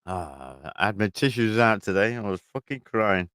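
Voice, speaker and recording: A man's voice: lowish voice, animated, moderate pace, fairly bright tone, clean tone, no echo. A man, chatting casually on a livestream from his shed, telling rambling stories full of swearing. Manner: rambling storytelling, heavy swearing. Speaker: livestream host. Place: garden shed.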